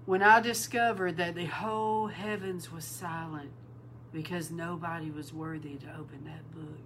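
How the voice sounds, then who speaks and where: Lowish-voiced woman preaching with animated emphasis. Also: moderate pace, slight background noise, rough recording. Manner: animated, repeats words for emphasis, addresses listeners as bride; breaks into loud exclaiming and laughter. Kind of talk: informal sermon.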